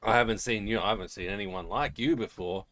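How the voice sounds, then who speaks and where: A man's voice: fairly low pitch, brisk, a bit bright, a little hiss or hum. A man running a tabletop game as game master, voicing the characters with a giggly, playful manner. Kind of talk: tabletop role-play, voicing children.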